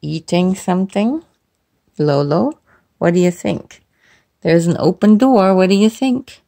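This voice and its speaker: Preschool teacher, woman, very lively pitch, slow and coaxing, phone mic at home. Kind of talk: talking to children while filming a pet bird.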